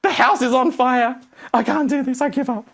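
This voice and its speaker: A man playing a panicky beginner coach who whines and wails in a high voice during a live workshop. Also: fairly even intonation, normal speed, a bit bright. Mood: distraught. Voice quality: high, whiny, wailing. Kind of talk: acted example in a live workshop.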